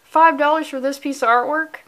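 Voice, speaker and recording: A woman's voice: high voice, steady tone, moderate pace, fairly bright tone. A woman vlogging about comic books in a casual, mock-angry, profane and rambling way. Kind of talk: casual comic review vlog.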